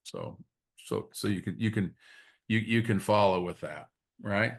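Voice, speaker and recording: A man with a fairly low voice leads a spiritual study group in a reflective teaching talk. He speaks haltingly, often repeating his words and adding quick tag questions to check in with his listeners. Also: creaky.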